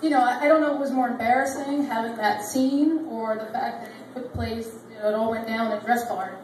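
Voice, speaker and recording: A woman's voice: fairly high pitch, little pitch movement, brisk, background noise. A woman in her thirties doing a rambling, self-deprecating stand-up set on a comedy club stage. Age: 30s. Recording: distant mic in an echoey club. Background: audience laughter.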